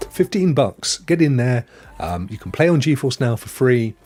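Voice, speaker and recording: A man's voice: mid-range voice, big pitch swings, moderate pace, darkish tone. A chatty man hosting a live stream, joking and answering viewers' chat messages by name.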